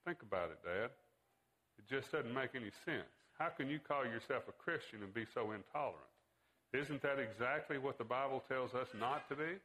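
A man's voice: medium pitch, expressive, moderate pace, pushed and bright, low-quality recording. A man reading as an indignant teenage son. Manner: pointed rhetorical questions. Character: teenage boy, earnest and accusing son.

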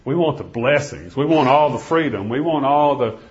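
A man preaches, telling a dramatic first-person story in a middle-pitched voice. He swings between loud pleading and hushed, almost whispered lines. The recording sounds dull and lo-fi. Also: expressive, normal speed.

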